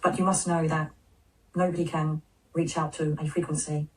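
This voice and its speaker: A woman's voice: low voice, flat delivery, darkish tone, distant mic, pitched below the performer's own voice, lightly acted, rough recording. Serene channeled Jesus spirit, put on by a woman. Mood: solemn. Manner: slow, solemn, measured pronouncements. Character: serene male spirit of Jesus, speaking through a medium.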